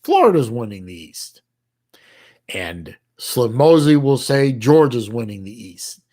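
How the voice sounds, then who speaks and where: This middle-aged US man reads his livestream chat aloud in a mid-range voice that's sing-song and a bit mellow. He chats casually in a halting manner, restarting often and using folksy slang.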